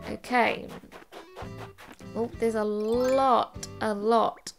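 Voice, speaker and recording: Chatty woman gaming with vocal fry. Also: a little high, moderate pace, soft background music. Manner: chatty, rambling and self-deprecating. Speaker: let's play host. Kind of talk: casual gameplay commentary.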